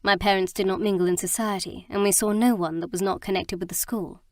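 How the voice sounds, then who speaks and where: A woman's voice: mid-range voice, steady tone, a little fast, darkish tone, no echo, studio quality, close to an everyday voice. A woman reading the part of a proper young wife in an audiobook, in a prim, earnest manner.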